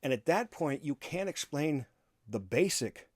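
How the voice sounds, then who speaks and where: A man's voice: on the high side, big pitch swings, a little slow, a little mellow, no room sound, studio quality. A man giving a philosophy class lecture, talking casually, acting out quotes in other voices and chuckling often.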